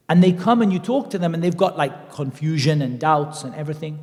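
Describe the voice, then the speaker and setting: Male preacher, animated and conversational, somewhat high pitch, recorded in an echoing mosque hall. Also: a little fast, hardly any pauses. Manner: animated and conversational, acting out quoted voices. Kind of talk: Islamic lecture.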